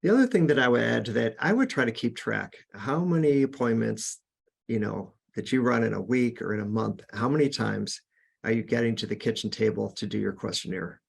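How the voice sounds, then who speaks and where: A man's voice: lowish voice, expressive, quick pace, vocal fry, hardly any pauses, husky. A man hosting a podcast, giving earnest, casual sales coaching with frequent restarts. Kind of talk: casual instructional talk.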